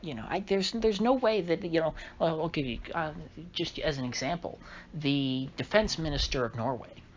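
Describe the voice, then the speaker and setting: A man hosting a solo political commentary monologue, talking in a halting way with frequent restarts and an indignant tone. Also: fairly high pitch. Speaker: channel host. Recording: slightly dull recording with faint noise.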